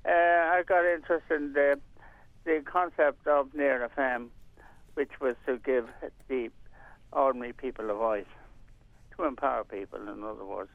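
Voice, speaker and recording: A man's voice: medium pitch, normal speed, creaky, no echo. Older man, rambling, over a phone line. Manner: rambling, hesitant, many fillers and restarts. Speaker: community radio volunteer and presenter. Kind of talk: casual radio interview. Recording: tinny phone-line sound, dry.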